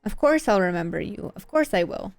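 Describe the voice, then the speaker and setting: A woman reading the lines of an awkward, oblivious young male scientist in earnest, halting first-person narration. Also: medium pitch, animated, no echo, soft background music, lightly acted.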